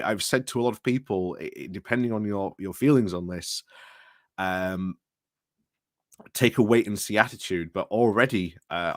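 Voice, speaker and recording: A man's voice: deep voice, dry recording, studio quality. A British man hosting a casual livestream, rambling through commentary with restarts and greetings to chat, recorded indoors at home. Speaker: livestream host.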